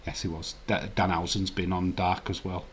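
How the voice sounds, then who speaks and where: Chatty man, low voice. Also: little pitch movement, moderate pace, breathy edge. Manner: rambling, chuckling, chatty asides. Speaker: live stream host. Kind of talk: casual live stream chat, reading chat.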